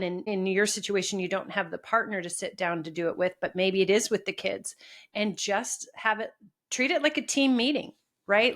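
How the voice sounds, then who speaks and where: Animated woman podcast co-host. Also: mid-range voice. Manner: animated, laughs while telling stories. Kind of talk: casual chat.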